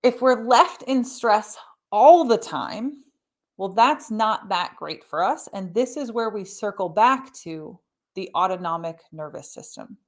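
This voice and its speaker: A woman's voice: mid-range voice, lively intonation, measured pace. A middle-aged woman hosting a podcast, explaining ideas in a conversational teaching manner and often checking in with "right?". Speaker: podcast host.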